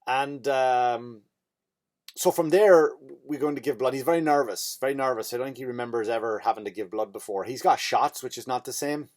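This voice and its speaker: An Irish comedian and podcast host telling a comic story in a rambling, profane way, often breaking off and restarting. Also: male voice, medium pitch, brisk, darkish tone. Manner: rambling, profane, self-interrupting.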